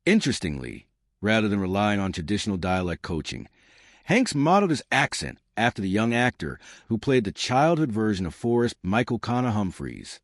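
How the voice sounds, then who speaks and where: Guy narrating a countdown list, lowish voice that swings around a lot, dry close sound. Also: very animated, brisk, no room sound. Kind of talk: scripted narration.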